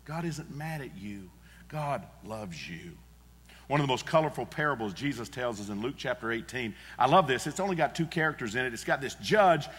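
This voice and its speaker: A man's voice: medium pitch, lively intonation, moderate pace, a bit bright, husky, in a large hall. A male pastor preaching a sermon in a church, earnest and emphatic, repeating his key phrases. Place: church sanctuary.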